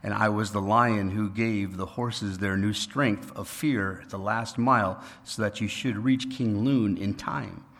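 A man voicing a great, patient male lion, speaking slowly in a deep, measured voice. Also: fairly even intonation, fairly bright tone. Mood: solemn. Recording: reverberant hall.

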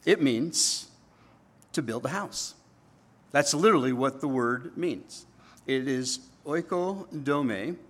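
Man preaching an animated sermon. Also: medium pitch, takes it slowly, breathy edge. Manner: animated, asks the congregation "right?" often. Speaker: pastor.

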